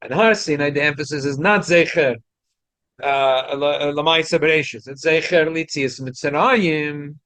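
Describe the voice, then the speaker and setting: Guy leading a torah class, higherish voice, lots of uh and restarts, dry close sound. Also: moderate pace, fairly bright tone, no echo. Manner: explains with many repeated ums and restarts, mixes Hebrew and Yiddish terms. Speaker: rabbi teaching a study group.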